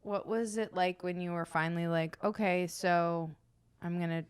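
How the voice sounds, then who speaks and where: A woman's voice: on the low side, fairly even intonation, normal speed, clear, resonant tone. A woman hosting a podcast, playfully asking her guests questions. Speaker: podcast host, interviewer. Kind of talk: casual interview.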